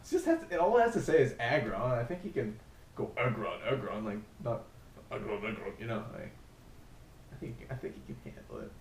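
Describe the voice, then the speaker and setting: A man co-hosting a casual chat show, animated and laughing, with swings between loud and soft. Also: mid-range voice, fairly quick, vocal fry, a little hiss or hum. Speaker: podcast co-host. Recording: echoey room, off mic.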